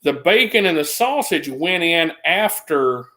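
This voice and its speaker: A man with a drawl tells a meandering story in a casual chat, his voice sitting somewhat high. He restarts his sentences often and jumps his pitch up to imitate other people. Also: expressive, unhurried, bright, forceful tone. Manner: rambling, restarts, mimics others with a raised voice.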